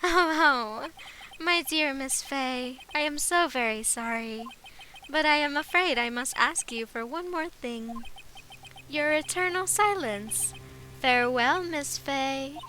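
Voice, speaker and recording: A woman putting on a smug high-voiced villain. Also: pushed and bright, slight background noise, heavily acted, poor audio. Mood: menacing. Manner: slow, theatrical, mismatched high voice. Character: pompous scheming male villain, smug and menacing. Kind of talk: reading video game dialogue aloud.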